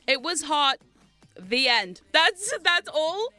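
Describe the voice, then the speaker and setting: A woman's voice: high voice, sing-song, slow, sharp tone, soft background music. A woman streamer chatting casually to her viewers on a livestream, laughing often and swearing freely.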